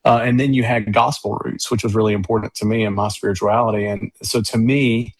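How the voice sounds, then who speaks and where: Male musician guest, low voice, monotone delivery, rambling enthusiastic storyteller. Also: brisk, dry recording. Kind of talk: casual interview chat.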